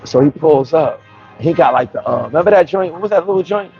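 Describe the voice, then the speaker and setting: A man tells a story in a casual, slangy way and often restarts mid-sentence. His voice is a bit higher than most men's, with a gravelly fry. The recording is slightly muffled, with faint music in the background. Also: expressive, fast. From New York. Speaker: vlogger.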